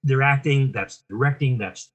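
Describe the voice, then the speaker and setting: An older man from New Jersey, a guest telling stories in a casual, animated interview with frequent restarts. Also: medium pitch, normal speed.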